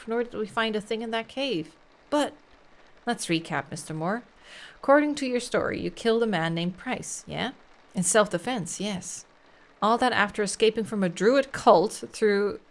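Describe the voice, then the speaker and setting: A woman's voice: medium pitch, lightly acted. A woman voicing a stern male Scottish police inspector who talks down to a suspect, reading game dialogue aloud. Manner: scornful, dismissive, threatening.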